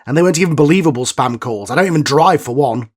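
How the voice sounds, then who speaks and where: A man's voice: on the high side, expressive, quick pace. A man playing himself as the show's writer in a scripted comedy sketch, weary, exasperated and matter-of-fact. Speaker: writer and creator of the show.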